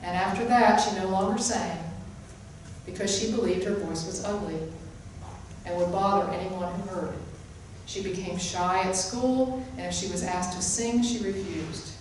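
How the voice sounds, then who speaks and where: A spiritual teacher speaks in the echoey hall of a spiritual center, her mid-range, slightly mellow voice at a moderate pace with fairly even intonation. She gives an emphatic, sermon-style talk, repeating key phrases, captured by a distant mic with a bit of hiss or hum.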